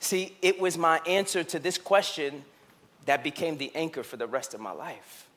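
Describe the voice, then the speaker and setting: A male pastor delivering a sermon with a high, bright and forceful voice. He tells a personal story, builds to impassioned emphasis, then drops to hushed, searching questions aimed at his congregation. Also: moderate pace. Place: church.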